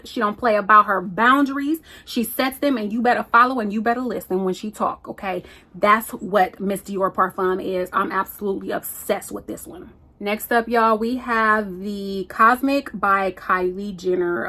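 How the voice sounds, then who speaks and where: A woman's voice: mid-range voice, moderate pace, bright, forceful tone. A woman chatting casually about perfumes, sassy and playful, calling her viewers "y'all" and "girl". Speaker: perfume vlogger. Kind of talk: casual chat reviewing perfumes.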